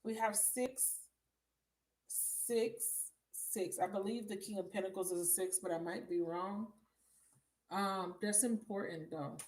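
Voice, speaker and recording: A woman's voice: medium pitch, fairly even intonation, slow, a little mellow. Chatty, blunt woman reading tarot live. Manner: chatty, blunt and swearing, laughs often, talks to viewers as baby. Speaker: tarot reader on a live stream. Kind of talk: casual live reading chat. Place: at home.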